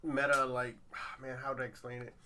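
A man's voice: medium pitch, little pitch movement, moderate pace, pushed and bright, a little hiss or hum. A man hosting a podcast, telling a long rambling story in casual chat with lots of fillers. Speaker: podcast host.

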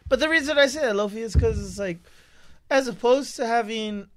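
A man's voice: very high voice, fairly quick. A man in his thirties in casual, profane chat, teasing and laughing. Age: 30s.

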